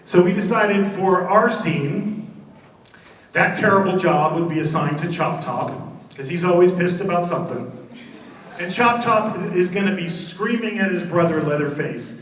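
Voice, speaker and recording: A man with a notably high voice describes a horror attraction from a convention stage, joking and relishing the gruesome details. The sound is distant and roomy, captured from the audience in a big reverberant hall. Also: animated, a little slow. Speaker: haunted attraction designer presenting on stage. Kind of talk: live stage presentation. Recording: roomy hall recorded from far off.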